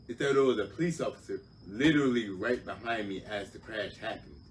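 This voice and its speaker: A man telling a story in casual chat, animated and profane, heard slightly off mic. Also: lowish voice, a little fast, distant mic, a little hiss or hum. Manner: animated, profane, acts out other voices. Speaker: podcast guest, older brother.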